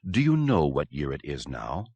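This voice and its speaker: A man's voice: very deep voice, moderate pace, slightly rough, no room sound, pitched below the performer's own voice, exaggerated voice. A man doing a cool, commanding woman psychiatrist. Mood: in control. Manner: calm, commanding.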